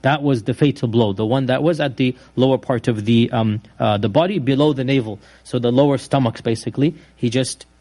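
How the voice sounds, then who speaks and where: A man gives an Islamic history lecture in an easy, conversational storytelling way. He often restarts his sentences and adds asides as he goes. His voice sits at an ordinary middle pitch. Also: a little fast, hardly any pauses, warm tone.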